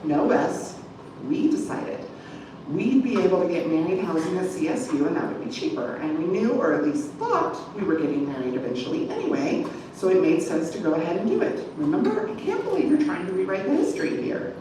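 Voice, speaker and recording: A woman's voice: on the low side, very animated, brisk. A woman reading an exasperated young woman. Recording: echoey room from far off, background noise.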